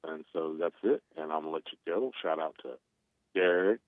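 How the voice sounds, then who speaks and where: A man's voice: a bass voice, moderate pace, no room sound. A man calling into a show, rambling in a friendly way as he signs off. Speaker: caller. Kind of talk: casual phone call. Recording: tinny phone line.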